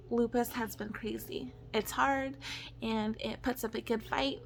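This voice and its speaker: A woman's voice: a little high, steady tone, gravelly, a little hiss or hum. Tearful, earnest woman vlogger. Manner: earnest, apologetic, halting. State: tearful, choking up. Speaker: vlogger, stay-at-home mom. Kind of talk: emotional personal vlog.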